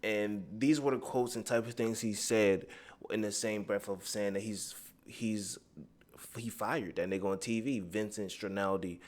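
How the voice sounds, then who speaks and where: A man's voice: on the low side, steady tone, measured pace. A man giving heated, profane commentary, rambling and drifting off his script. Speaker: commentary vlogger.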